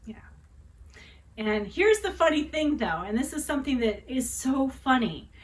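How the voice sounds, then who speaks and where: A woman in her forties vlogging a personal story. She talks in a dramatic, chatty way and keeps checking in with tag questions. Her voice sits slightly high. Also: animated, unhurried, low-quality recording. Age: 40s.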